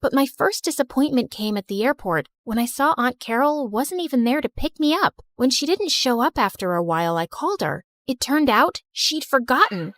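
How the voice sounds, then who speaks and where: A young adult woman tells an emotional story in the first person with expressive delivery. Her voice sits fairly high and moves a lot in pitch. The recording is dry and close, with no room sound. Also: moderate pace, few pauses, no echo.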